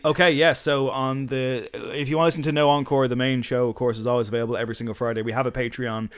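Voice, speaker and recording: A man joining a podcast as a guest, talking quickly in a teasing, joking way. His speech comes in fast bursts of banter. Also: mid-range voice, little pitch movement, clear, resonant tone, dry recording. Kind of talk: casual chat.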